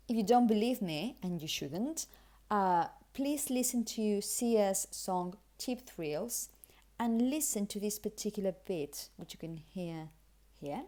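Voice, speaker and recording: A woman teaching English pronunciation, who says example sentences slowly and then repeats them in a relaxed, weakened way. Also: medium pitch. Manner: explanatory, demonstrates pronunciation. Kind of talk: pronunciation lesson.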